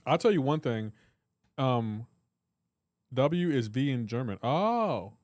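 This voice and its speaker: A man's voice: medium pitch, sing-song, slow pace, darkish tone, no room sound, clean studio sound. A man hosting a live game stream, chatting casually and joking while reading and answering chat messages. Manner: joking, reads chat aloud.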